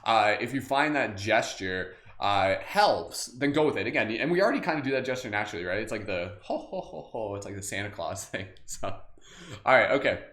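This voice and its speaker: Leading a live group meditation, this host has a lowish, a bit bright voice with lively intonation and a fairly quick pace. He's casual and upbeat, laughing often and using many fillers, picked up by a livestream camera mic in an echoey room.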